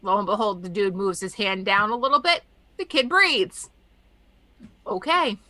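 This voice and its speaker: A woman hosting a podcast, chatting casually and telling animated stories. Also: mid-range voice, measured pace, dry recording. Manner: animated storyteller acting out quotes. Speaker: podcast host. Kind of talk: casual chat.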